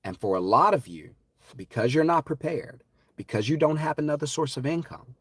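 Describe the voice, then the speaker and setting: A man hosting a live stream, talking in an impassioned, preachy way that swings from loud to hushed. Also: fairly high pitch, expressive, moderate pace, breathy edge, dry recording.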